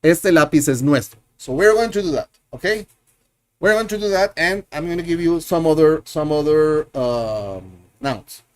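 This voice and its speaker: A man's voice: fairly high pitch, lively intonation, normal speed, clean tone. A man teaching a live online Spanish lesson, patiently repeating words and drilling his learners, often correcting himself as he thinks aloud.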